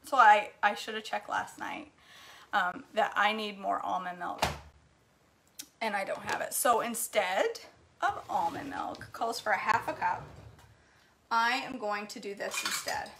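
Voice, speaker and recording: There's background noise as this woman, mid-range in pitch and a little slow, cooks in her home kitchen. The middle-aged cooking vlogger reads comments, shares stories and laughs a lot in relaxed chat.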